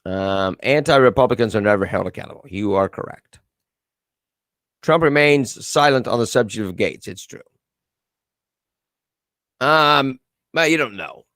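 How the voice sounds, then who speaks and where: Male host, casual sarcastic commentary, animated delivery, dead dry room. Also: medium pitch, unhurried, pauses often, dry recording. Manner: sarcastic, reads viewer comments and news aloud. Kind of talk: casual live-stream commentary.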